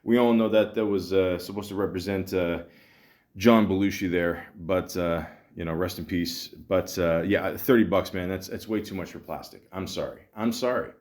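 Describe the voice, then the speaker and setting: Low-voiced man rambling through a movie review. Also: fairly even intonation, moderate pace. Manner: rambling, profane, stammering restarts; addresses listeners as ladies and gentlemen. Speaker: podcast host. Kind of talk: solo movie review podcast.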